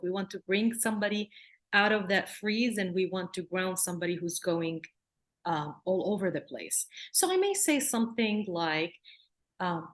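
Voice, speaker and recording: A woman from Palestine, a clinical psychologist giving a workshop lecture in an earnest way, often repeating words and slipping into gentle soothing phrases. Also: lowish voice, expressive, normal speed. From Palestine, raised in Jordan.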